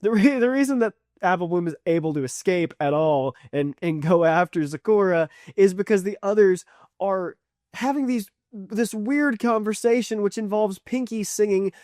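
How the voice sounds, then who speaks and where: A man's voice: high-pitched, normal speed, a little mellow, dry recording, studio quality. A man reviewing a cartoon series in a rambling, chatty way. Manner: rambling, chatty, with fillers and restarts. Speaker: video reviewer. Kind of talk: casual retrospective review.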